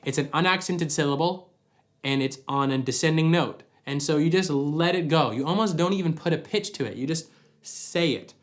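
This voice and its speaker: A man's voice: on the high side, normal speed. A man giving a practical singing lesson at home, explaining each point by demonstrating it. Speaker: vocal coach. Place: at home with a dog nearby.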